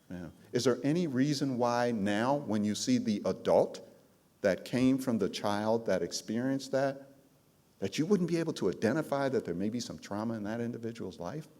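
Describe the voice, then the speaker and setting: A man with a fairly low voice teaches a room of care providers. He tells his stories with punch and calls out questions to the crowd. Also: darkish tone. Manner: emphatic storytelling, calls out to the audience. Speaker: trauma trainer. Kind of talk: presentation to a live audience.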